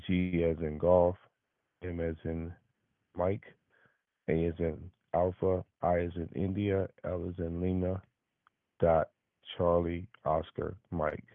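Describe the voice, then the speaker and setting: A man calling to place an order, giving terse answers and spelling letters out slowly. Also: low voice, flat delivery, no room sound. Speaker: caller placing an order. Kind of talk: phone call. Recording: tinny phone line.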